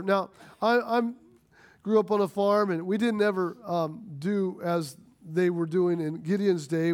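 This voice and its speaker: A middle-aged man from the United States preaching a sermon, retelling a story and acting out its dialogue, with frequent restarts. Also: high voice. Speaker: pastor.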